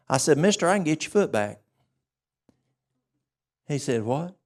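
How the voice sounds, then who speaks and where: A man presenting a church health workshop, telling a story with animated acted-out dialogue. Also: mid-range voice, normal speed, long pauses.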